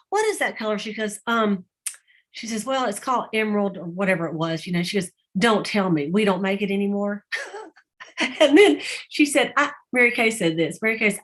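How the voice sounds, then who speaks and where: A middle-aged woman with a mid-range, slightly bright voice leads her sales team on a group call. She chats casually, retelling stories with quoted voices and laughter.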